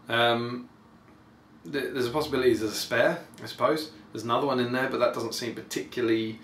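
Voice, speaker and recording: A man's voice: on the low side, fairly bright tone. A man hosting a podcast, giving casual, rambling and enthusiastic commentary full of ums. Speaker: podcast host. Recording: echoey room, faint background noise.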